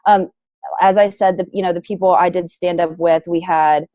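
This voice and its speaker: A young adult woman speaking as an interview guest, frank and lively in casual chat. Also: on the low side, moderate pace. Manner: frank and lively, plays devil's advocate.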